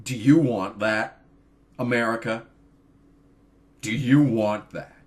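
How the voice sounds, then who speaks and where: A man's voice: medium pitch, slow pace. A young man in his twenties, a college student by his own account, giving a profane, exasperated rant on his vlog. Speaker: vlogger. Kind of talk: ranting political vlog.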